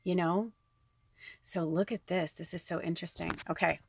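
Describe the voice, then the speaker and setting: A woman's voice: fairly low pitch, steady tone, moderate pace, vocal fry, slightly rough, no room sound. A woman giving a tarot reading in a rambling, chatty way, swearing casually now and then. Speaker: tarot card reader. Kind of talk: casual spiritual chat.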